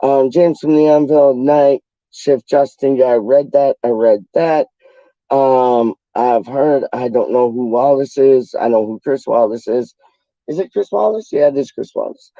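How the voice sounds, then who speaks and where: A man's voice: medium pitch, unhurried, dark tone, dry recording, highs cut off. A man from the UK hosting a casual livestream, reading out chat in a slangy, rambling, playful way. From United Kingdom.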